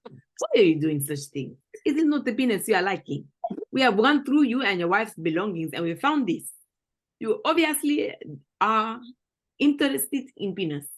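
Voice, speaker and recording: A woman's voice: on the high side, big pitch swings, moderate pace, pitched above the performer's own voice. Woman putting on a pushy mock-accented interrogator. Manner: exaggerated foreign accent, broken English.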